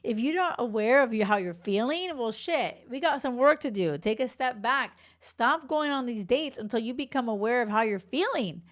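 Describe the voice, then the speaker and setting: A woman's voice: a little high, lively intonation, normal speed, hardly any pauses. A woman in her forties hosting a dating podcast as a coach, talking bluntly in a casual monologue, swearing freely and laughing between asides.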